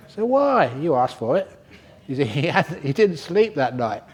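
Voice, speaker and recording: A man's voice: on the high side, big pitch swings, takes it slowly, darkish tone. An older man giving a humorous Dharma talk at a meditation retreat, telling stories and chuckling often. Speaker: meditation teacher. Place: retreat centre hall.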